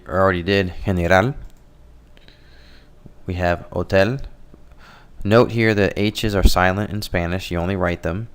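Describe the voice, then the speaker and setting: A man teaching Spanish vocabulary over a slideshow in a relaxed, explanatory way, correcting himself as he goes. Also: low voice, smooth. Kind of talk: slideshow language lesson.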